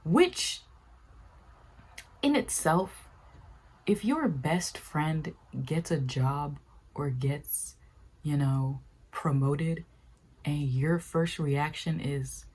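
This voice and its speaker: A young woman talks through a casual vlog rant in a low voice with a husky edge. She is animated and exasperated, often leaping high in pitch as she acts out the quotes she is retelling. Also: drawn-out words, pauses often. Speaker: video essay creator. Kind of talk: casual commentary.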